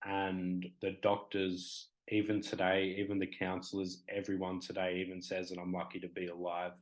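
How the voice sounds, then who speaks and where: A man's voice: sits low, completely flat delivery, moderate pace, rough recording. A man in his twenties with an Australian accent, a talk show guest speaking candidly and rambling with many fillers. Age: 20s.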